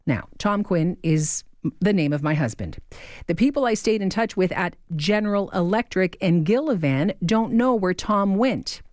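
A woman's voice: mid-range voice, lively intonation, moderate pace, a little mellow, no room sound. A woman hosting an afternoon radio show, reading a listener's email aloud in a heartfelt way, moved to tears, on a studio microphone. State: tearing up. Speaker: radio host. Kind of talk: radio host talk between songs.

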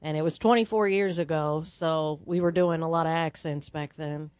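Woman in her 40s, radio regular, lower voice, dry studio mic. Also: fairly even intonation, moderate pace, darkish tone, no echo. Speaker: radio show news reader. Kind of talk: casual radio banter.

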